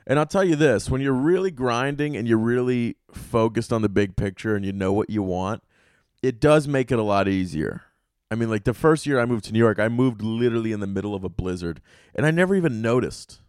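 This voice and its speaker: A man hosting a podcast in a casual monologue, rambling and swearing through animated stories. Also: mid-range voice, brisk, smooth, dry recording, clean studio sound. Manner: profane, rambling, animated storytelling. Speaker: podcast host.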